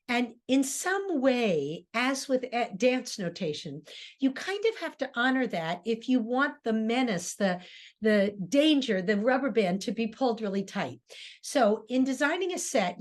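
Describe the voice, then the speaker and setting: Older woman, theater director lecturing, thoughtful, many ums and uhs, quoted lines acted out with sudden pitch jumps. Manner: thoughtful, with frequent fillers and restarts. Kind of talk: informal classroom lecture.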